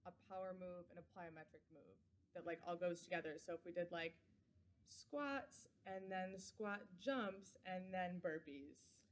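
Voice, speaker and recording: A woman's voice: lowish voice, unhurried, a little hiss or hum. A young woman from Wisconsin with a Midwestern American accent, a fitness trainer chatting casually in an interview video. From Wisconsin, USA. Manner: chatty, relaxed, fond of "like". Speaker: assistant program manager and personal trainer at a fitness center.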